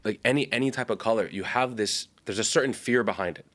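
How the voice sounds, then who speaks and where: Rambling low-voiced young man. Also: quick pace, fairly bright tone. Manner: rambling, self-correcting, laughs often. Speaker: podcast co-host. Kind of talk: casual storytelling chat.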